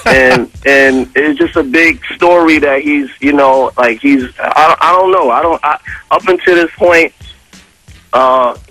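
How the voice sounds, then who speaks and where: A man on a radio show, casually telling a story with animated, profane street slang. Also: fairly high pitch, unhurried, no room sound, soft background music, poor audio. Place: radio studio.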